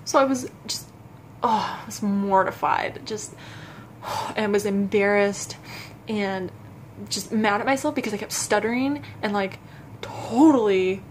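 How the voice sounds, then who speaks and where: Young woman vlogging, kinda halting and nervous, lots of restarts, light background hiss. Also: mid-range voice. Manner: halting and self-conscious, frequent restarts and stutters. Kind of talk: casual personal storytelling to camera.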